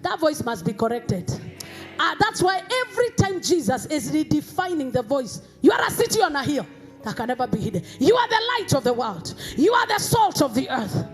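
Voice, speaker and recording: A Kenyan woman pastor delivering an emphatic sermon in a church, rising to shouts. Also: sits high, big pitch swings, a little fast, soft background music.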